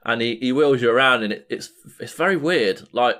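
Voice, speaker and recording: A man's voice: mid-range voice, fairly quick, fairly bright tone. A man talks on a podcast mic in a mid-range voice. He rambles through a story, piling up fillers and restarts. He swears freely in loose, casual chat. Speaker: podcast co-host.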